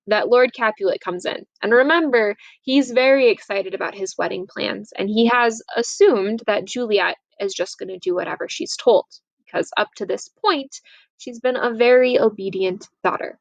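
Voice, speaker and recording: A young woman teacher casually retelling a play's scene in a chatty, lively way. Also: mid-range voice, moderate pace, creaky, no room sound, low-quality recording. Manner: chatty, lively, acts out quotes. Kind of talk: casual summary of a play.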